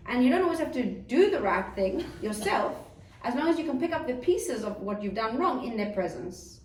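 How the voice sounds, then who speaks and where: Earnest woman teaching in an echoey room. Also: high voice. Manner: earnest, animated when acting out a child's outbursts. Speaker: parenting teacher. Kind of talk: lecture to a group. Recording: echoey room, mic at a distance, faint ambience.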